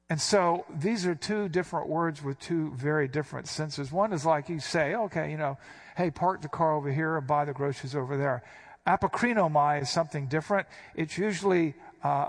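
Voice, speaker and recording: A pastor preaches through scripture verse by verse, teaching and explaining the meanings of Greek words. His voice is a touch higher than most men's, and he hits key phrases with strong emphasis.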